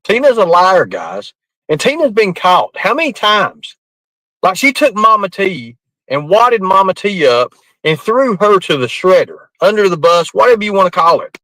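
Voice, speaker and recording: A man on a live stream rambles defensively and swears freely. His voice sits fairly high and sounds sharp and forceful. The sound is dry and close. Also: sing-song, moderate pace, no echo, poor audio. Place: outdoors at night in the rain.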